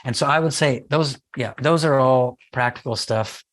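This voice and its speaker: A middle-aged man talking as a podcast guest about raising kids. He tells the story in an animated way, and he slips into the voices of himself and his small son as he goes. His pitch sits right in the middle for a man. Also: normal speed. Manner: animated storyteller, acts out his child's lines. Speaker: guest speaker on parenting. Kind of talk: conversational podcast interview.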